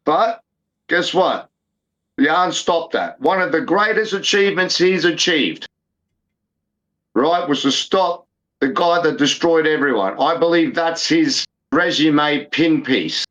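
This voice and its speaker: Man, 50s, podcast co-host, emphatic, repeats himself, fairly high pitch, lo-fi recording. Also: slow pace, a bit bright. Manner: emphatic, repetitive, swears freely. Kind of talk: casual sports banter. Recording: dull lo-fi sound.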